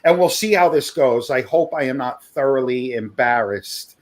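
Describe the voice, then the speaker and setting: A man's voice: mid-range voice, expressive, normal speed. A man hosting a charity livestream auction, chatting casually, laughing often and calling out bids.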